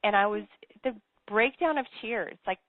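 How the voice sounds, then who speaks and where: A woman's voice: medium pitch, moderate pace, no room sound. An earnest woman tells her story as an interview guest and presses her points by repeating them. She comes through a narrow, tinny phone line. The sound is dry, with no room around her. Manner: earnest and emphatic, repeats key phrases. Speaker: business coach and author, interview guest. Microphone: telephone.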